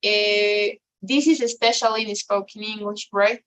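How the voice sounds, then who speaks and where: Slow, patient woman teaching online. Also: medium pitch, fairly even intonation, fairly bright tone, poor audio. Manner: explains slowly with many fillers and tag questions. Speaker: English teacher. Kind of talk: online class instruction. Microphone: video call.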